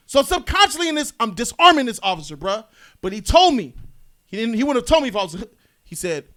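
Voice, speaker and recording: Podcast host, male, high bright voice, lively storyteller who acts out quotes. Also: fast talker. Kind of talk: casual storytelling chat.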